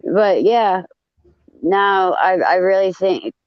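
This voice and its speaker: A woman telling a story in casual chat, blunt and profane, with animated retelling. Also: mid-range voice, slow, smooth, no echo, lo-fi sound.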